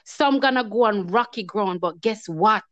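A woman's voice: medium pitch, normal speed, dry recording. A woman tells a personal testimony in casual talk, acting out her own past words with feeling. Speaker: guest telling her story. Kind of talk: emotional testimony in casual chat. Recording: dull, lo-fi sound.

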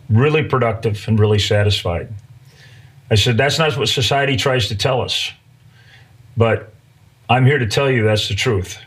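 A middle-aged man hosting a podcast, telling a personal story in a folksy, conversational way with many fillers. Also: medium pitch. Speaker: podcast host.

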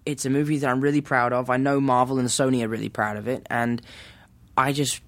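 A young man from England with an English accent, a guest actor talking casually in a podcast interview and telling animated stories. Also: mid-range voice, a little fast. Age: young adult.

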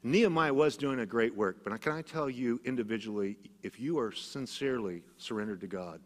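A middle-aged male pastor preaching a sermon, telling stories and swinging from loud emphatic bursts to hushed, low passages. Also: a little fast. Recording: long church reverb.

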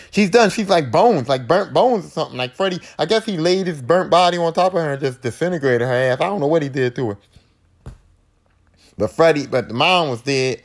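Profane animated man recapping a movie. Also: a little high, vocal fry. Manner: profane, animated, acts out characters' lines. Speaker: podcast host. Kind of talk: casual movie recap monologue.

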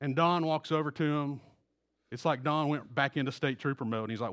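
A man's voice: mid-range voice, steady tone, a little fast, fairly bright tone. A middle-aged man preaching a sermon in a casual storytelling way, with restarts. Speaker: pastor.

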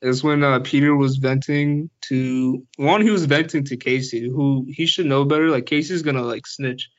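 A man's voice: mid-range voice, fairly even intonation, normal speed, dry recording. A young man co-hosting a casual podcast chat, rambling with lots of fillers and mocking impressions of people. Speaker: podcast co-host. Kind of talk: casual chat recapping a reality show. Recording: slightly dull lo-fi audio.

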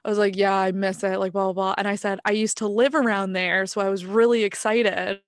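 Podcast co-host, woman, lively storyteller, dry close mic. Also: mid-range voice, a little fast, dry recording. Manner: animated storyteller, acts out quoted dialogue. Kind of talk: casual chat.

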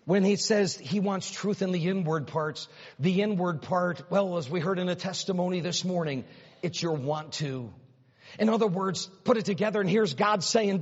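A man preaching a sermon in a large church, swinging from hushed near-whispers to loud, emphatic runs, repeating words and piling up rhetorical questions. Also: sits high, normal speed. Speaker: pastor. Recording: dull, reverberant hall sound.

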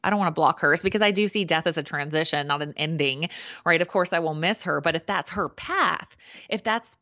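A woman co-hosting a podcast, telling a personal story in a chatty, animated way and acting out the voices of people she quotes. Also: low voice, moderate pace, no echo. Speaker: podcast co-host. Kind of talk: casual conversational storytelling. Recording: dull lo-fi remote call audio.

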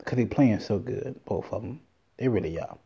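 Male solo podcast host, mellow tone, profane and rambling delivery. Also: fairly low pitch, moderate pace, gravelly, slightly rough. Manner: profane, rambling, animated storytelling. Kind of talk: casual solo podcast rant.

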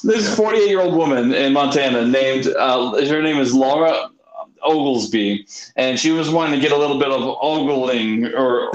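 A man hosting a talk show in a relaxed, casual way. He laughs often and hesitates while he talks. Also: medium pitch, moderate pace, reverberant, poor audio. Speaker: radio host. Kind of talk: casual chat.

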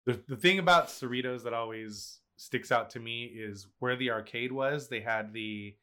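Middle-aged podcast host, bright edgy voice, casual with some swearing, lots of yeah yeah. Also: male voice, medium pitch, smooth. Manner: relaxed, swears casually, quick agreeing interjections. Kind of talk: casual chat.

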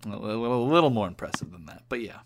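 A man's voice: on the low side, lively intonation, quick pace, a crowd in the background. A young man co-hosting a casual chat over a call, offhand with dry jokes. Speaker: podcast co-host.

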